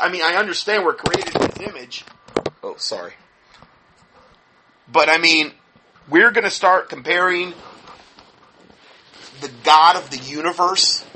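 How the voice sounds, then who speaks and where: A man giving critical religious commentary in a sarcastic, indignant, scoffing manner, with a husky voice. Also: fairly high pitch, bright, forceful tone.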